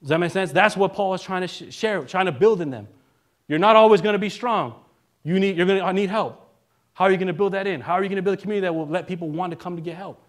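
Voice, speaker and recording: A male minister giving a relaxed, conversational sermon, joking now and then and often checking in with the congregation. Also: high voice, fast. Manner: casual and joking, keeps asking the congregation "right?".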